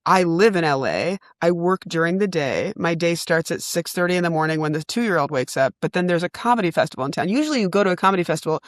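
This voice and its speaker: A woman co-hosting a comedy podcast, telling a story in animated, casual chat and laughing often. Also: fairly low pitch, quick pace, hardly any pauses, no room sound, studio quality. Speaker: podcast co-host.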